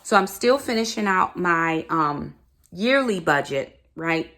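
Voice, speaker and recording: A woman's voice: on the low side, lively intonation, slow, a bit bright. A woman, a mother, filming a casual grocery haul vlog in her home kitchen on a camera mic, chatting straight to her viewers and saying y'all. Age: adult, mother of four. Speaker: family vlogger.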